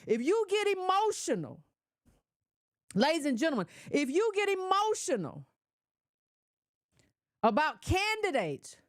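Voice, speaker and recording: A woman with a high voice talks straight to her audience in casual commentary. She is emphatic and scolding and hammers her points home with repetition and slang. Her voice sounds dry, with no room echo.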